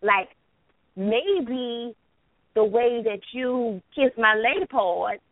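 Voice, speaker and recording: A woman's voice: a little high, lively intonation, drawn-out words, dry recording. A woman hosting a casual talk show, speaking frankly and openly about intimate topics. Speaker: host. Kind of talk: casual chat. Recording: dry, tinny phone-like sound.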